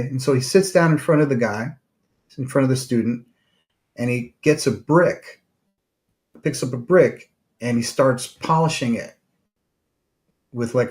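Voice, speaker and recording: A middle-aged man hosts his own show and talks through meditation in a calm, searching way. He circles back on his words, with frequent fillers and restarts. His voice sits at an ordinary middle pitch. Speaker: podcast host and therapist. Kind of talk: reflective solo talk on meditation.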